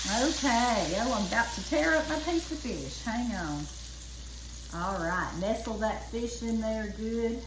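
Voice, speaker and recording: A woman's voice: medium pitch, noisy background. Chatty Southern woman cooking at the stove. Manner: chatty, folksy, keeps saying "y'all". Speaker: home cooking host. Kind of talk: casual cooking demonstration. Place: home kitchen at the stove. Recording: echoey kitchen with loud frying sizzle. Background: frying and sizzling pan.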